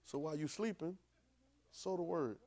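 A man preaching to a class in a loose, conversational way, often asking "right?" as he goes. He drops to a low murmur and then breaks into sudden loud bursts. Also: moderate pace. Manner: call-and-response, keeps asking "right?". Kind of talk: conversational sermon.

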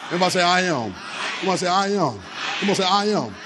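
A high-voiced man preaches to a congregation, dropping into low, rapid asides and then shouting lines to be repeated back. His voice carries a long reverb from a large hall. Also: animated, background noise. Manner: call-and-response, repeats phrases, shifts from low talk to shouting. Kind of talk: sermon.

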